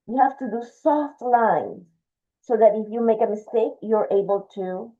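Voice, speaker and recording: Woman art teacher, walks through the drawing step by step, thin phone-like sound. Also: mid-range voice. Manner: patient, explains step by step, talks while drawing. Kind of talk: drawing lesson, demonstrating. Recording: tinny phone-like audio.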